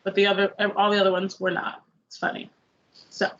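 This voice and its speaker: A woman's voice: medium pitch, completely flat delivery, fairly quick, fairly bright tone, muffled recording. A young woman on a review panel, chatting casually about a movie, rambling with lots of "like" fillers and acting out her own reactions. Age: young adult.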